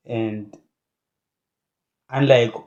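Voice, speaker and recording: A man giving opinionated commentary in a halting delivery full of filler sounds, turning indignant with rhetorical questions. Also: mid-range voice, steady tone, darkish tone, highs cut off. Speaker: political commentator.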